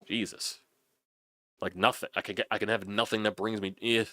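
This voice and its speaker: A man's voice: lowish voice, level tone, moderate pace, pushed and bright, dry recording, clean studio sound. A young man with a South Philly accent, ranting through a solo fan recap with frustrated, profane commentary. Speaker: sports channel host.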